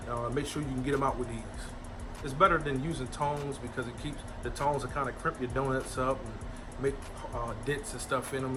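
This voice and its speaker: A man hosting a casual cooking vlog, folksy and enthusiastic, talking straight to his viewers. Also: medium pitch. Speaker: cooking channel host.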